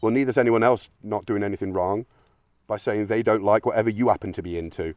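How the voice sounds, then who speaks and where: Blunt, sweary low-voiced man. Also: fast, darkish tone, no echo. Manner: blunt, sweary, argumentative, mocks imagined critics in silly voices. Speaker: video essayist. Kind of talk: opinionated monologue.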